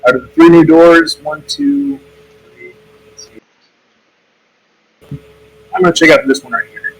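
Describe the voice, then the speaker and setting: A man's voice: fairly high pitch, sing-song, measured pace, a little hiss or hum, rough recording. A man playing a tabletop game, making joking asides about his character. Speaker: player. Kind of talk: casual tabletop role-play.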